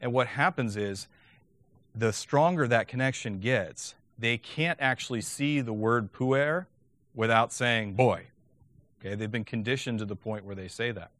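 A man's voice: mid-range voice, measured pace, fairly bright tone, no room sound. A man giving a lecture on teaching Latin, talking conversationally and often checking in with "okay?".

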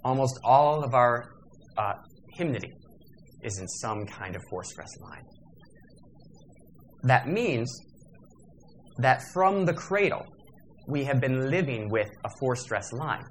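A man's voice: medium pitch, lively intonation, slow, pauses often, slight background noise. A man giving a workshop lecture in a discursive, digressive manner, with fillers and self-corrections.

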